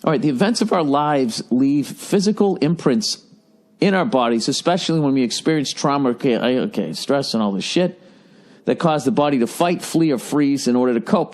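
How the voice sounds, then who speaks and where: A man's voice: fairly high pitch, expressive, moderate pace, darkish tone. Sarcastic, profane middle-aged man with Boston accent. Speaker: podcast host. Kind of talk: solo comedic podcast rant.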